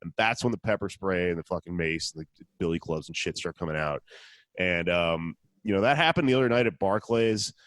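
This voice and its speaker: A man's voice: low voice, fairly quick, a bit bright, no room sound, studio quality. A man hosting a casual podcast, telling a story in a profane, sardonic way. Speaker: podcast host.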